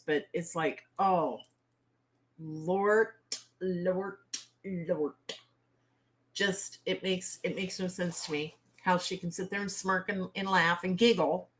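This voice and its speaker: A woman with a slightly low-pitched voice hosts a casual livestream chat. She talks bluntly and outspokenly, with salty phrasing. She keeps turning to her viewers with direct questions. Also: a bit bright. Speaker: author and livestream host.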